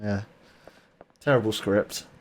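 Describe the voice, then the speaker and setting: A man's voice: on the low side, takes it slowly. A man co-hosting a video game playthrough, teasing his partner with dry jokes. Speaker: co-host of a gaming channel. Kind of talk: casual let's-play banter.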